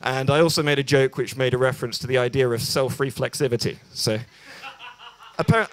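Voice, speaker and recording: A young Englishman with a mid-range voice talks fairly quickly through a stand-up set at an open mic in a small bar. He's hesitant and self-deprecating, full of ums and restarts.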